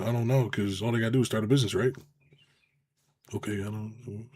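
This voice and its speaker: A man who works as a business consultant, ranting casually to camera in a sarcastic, profane and rambling way, jumping between loud outbursts and low mutters.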